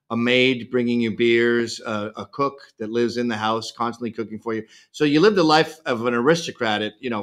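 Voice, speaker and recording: A man's voice: medium pitch, a bit bright. A Canadian man speaking as a podcast guest on a remote call, blunt, provocative and joking in casual conversation.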